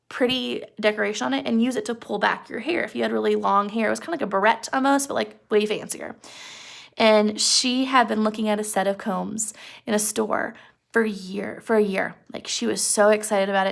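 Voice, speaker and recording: A woman's voice: a little high, gravelly. A young woman casually retelling a story as a lesson, chatty with frequent fillers and rhetorical questions. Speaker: teacher explaining a story.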